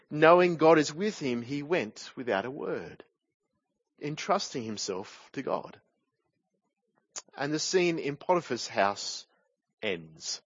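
A man delivering a sermon in a somewhat high voice, steady and explanatory. He often rounds off a point with a rhetorical tag question. The recording is dry, with a slightly dull, lo-fi sound. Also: breathy edge, no room sound. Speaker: preacher.

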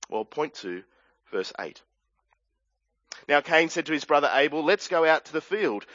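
Earnest Australian male preacher, a touch high, muffled dry sound. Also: fairly bright tone, no echo. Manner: earnest, explanatory, with asides and restarts. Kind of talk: sermon.

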